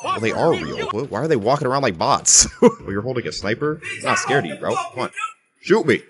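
A man's voice: mid-range voice, very animated, quick pace, heavy background noise. A young man casually commentating his own gameplay, teasing other players and laughing often. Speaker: gameplay streamer.

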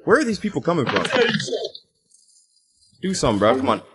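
A young man giving joking, excitable commentary over his own gameplay, often laughing. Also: mid-range voice, brisk, a little hiss or hum. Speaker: gaming video creator.

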